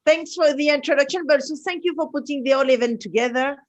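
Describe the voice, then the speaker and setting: A woman with a French accent giving a lively, chatty talk at an online symposium, with many fillers and self-deprecating asides. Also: high voice, fast. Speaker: speaker.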